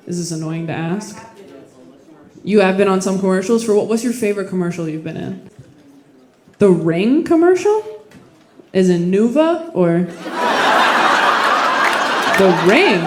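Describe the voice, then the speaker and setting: Teasing comic doing crowd work. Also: female voice, medium pitch, measured pace, long pauses, heavy background noise. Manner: teasing, questioning, animated. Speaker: stand-up comedian. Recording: roomy club audio with loud crowd.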